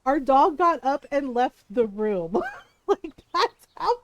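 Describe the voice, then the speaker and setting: A woman's voice: high voice, expressive, slow, highs cut off. A middle-aged woman streamer chatting casually while gaming, telling a story with frequent laughter and acted-out quotes.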